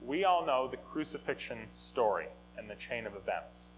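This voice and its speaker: A man teaching a Bible lesson in a conversational, animated way, often restarting and correcting himself. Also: mid-range voice, moderate pace, over music, poor audio. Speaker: teacher of a Bible study or sermon. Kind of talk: informal teaching talk.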